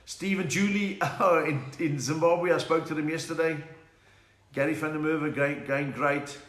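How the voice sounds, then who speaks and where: Speaking at a moderate pace with fairly even intonation, this middle-aged man has a higher, fairly bright voice. He runs a casual live stream from his home, joking around and greeting viewers by name. Faint noise and a roomy echo fill the recording.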